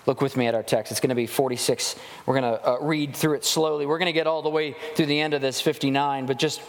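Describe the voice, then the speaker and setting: A man preaching a sermon as a pastor, animated and acting out grumbling voices as he goes. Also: mid-range voice, fast. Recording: long hall reverb.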